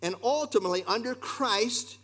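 A man preaching a sermon, expressive and talking straight to his congregation with asides. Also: very high voice, normal speed. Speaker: pastor.

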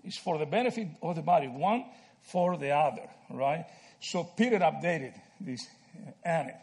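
A man from Argentina teaching a Bible study, animated and checking in with "right?" and "okay?" as he explains. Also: on the high side, normal speed.

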